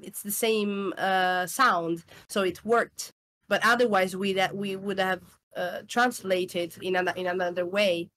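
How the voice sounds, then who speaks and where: A woman with an Italian accent speaks English as a guest on an interview podcast, whose first language is Italian. Her voice sits at a medium pitch, and she explains her points in short, stop-and-start phrases. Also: a bit bright. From Italy. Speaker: voice actor guest. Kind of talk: casual interview chat.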